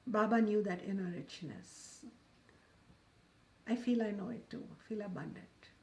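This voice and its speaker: A woman's voice: mid-range voice, unhurried, creaky, a little mellow. A woman spiritual teacher giving a talk, telling a parable in a storyteller's manner and drawing out key words for emphasis, then leading a guided meditation.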